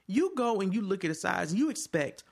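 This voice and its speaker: A man in casual chat with friends, telling stories in an animated, profane way. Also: sits high, moderate pace, creaky.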